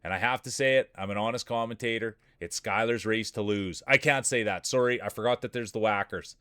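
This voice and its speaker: A man's voice: lowish voice, brisk, smooth, no echo, studio quality. A man streaming and giving playful sports-style play-by-play commentary on a game, joking and hyping up the players. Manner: excitable, joking, hypes up players.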